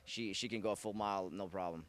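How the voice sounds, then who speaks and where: A man's voice: low voice, fairly even intonation, fast talker. A man with a French-Canadian accent, a racing driver telling stories in a casual interview, rambling and correcting himself. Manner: rambling, self-correcting, many fillers. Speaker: harness racing driver, guest.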